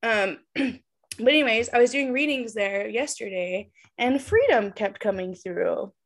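Brief: bubbly woman podcast host on a video call, bright higher voice, unhurried delivery, laughs a lot. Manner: giggly, animated, laughs often. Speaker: podcast co-host and tarot reader. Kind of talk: casual chat.

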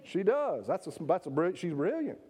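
A pastor delivers a sermon in a church sanctuary, his voice sitting high for a man. He preaches with emphasis, doubling words and putting questions to his congregation. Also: big pitch swings, normal speed, dark tone, husky.

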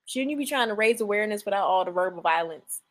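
A woman's voice: medium pitch, expressive, fast talker. A woman co-hosting a casual chat, recapping reality TV bluntly and profanely, with mocking put-on quotes. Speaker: podcast co-host.

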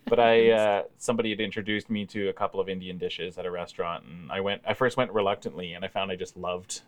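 A man with a voice that sits a little low, talking casually on a podcast. He is easygoing and wry, with lots of "um" and "you know" as he tells his stories. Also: steady tone, fast. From Canada. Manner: easygoing storyteller, frequent fillers and wry humor. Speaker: guest.

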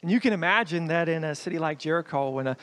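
A man with a fairly high voice preaches a sermon as a guest speaker. He tells the story vividly, swinging between quick, loud stretches and low, quiet asides. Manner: storytelling, lively shifts in pitch and loudness.

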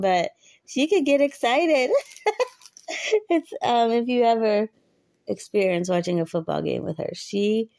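A woman's voice: mid-range voice, vocal fry, darkish tone, no echo. A woman in her thirties talking earnestly and chattily about faith and waiting, often laughing. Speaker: podcaster. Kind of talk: personal faith talk.

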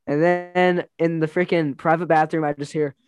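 A man's voice: fairly high pitch, little pitch movement, moderate pace. A young man casually chatting and telling rambling, laughing stories, full of fillers and restarts. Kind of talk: casual chat.

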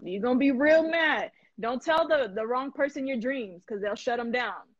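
Animated slangy woman hosting a live stream. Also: a little high, normal speed, dry recording, muffled recording. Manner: animated, laughing, slangy and emphatic. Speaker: host. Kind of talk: casual live-stream chat.

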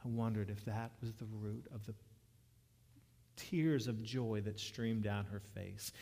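A man's voice: lowish voice, measured pace, vocal fry, warm tone, big-room sound. A man preaching a sermon, telling a story in a conversational way with frequent restarts. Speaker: pastor.

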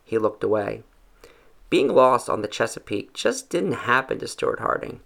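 A man reading a first-person story aloud in a measured, reflective way. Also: mid-range voice, big pitch swings, creaky, fairly bright tone. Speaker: narrator.

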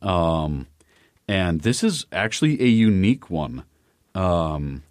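A podcast co-host with a low, darkish voice talks slowly with big pitch swings, chatting casually and rambling through plenty of fillers and restarts. The sound is studio quality with no room echo.

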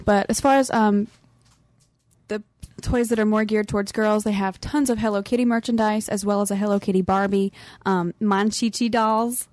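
A woman's voice: mid-range voice, fairly even intonation, normal speed, a little mellow, dry recording. A young woman co-hosting a casual roundtable podcast, laughing often as she presents her store tour segment. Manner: giggly, laughs often between phrases.

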